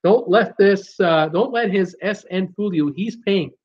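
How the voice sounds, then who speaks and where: A man's voice: high-pitched, measured pace, dull audio. Chatty man reading live chat. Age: older. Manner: chatty, reads comments aloud with asides. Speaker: host of a live cruise Q&A stream.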